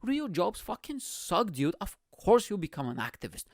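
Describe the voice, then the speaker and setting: A man's voice: high voice, sing-song, moderate pace, vocal fry, no echo, studio quality. Rambling, profane male comedy podcaster. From immigrant. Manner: rambling, profane, constantly says bro and you know what I'm saying. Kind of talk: casual comedic podcast monologue.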